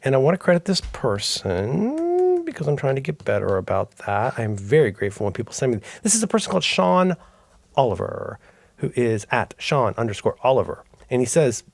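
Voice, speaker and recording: Animated rambling man podcaster. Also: mid-range voice, fairly quick, gravelly, dry recording. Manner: rambling, self-interrupting, animated storytelling. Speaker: podcast co-host. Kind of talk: casual chat.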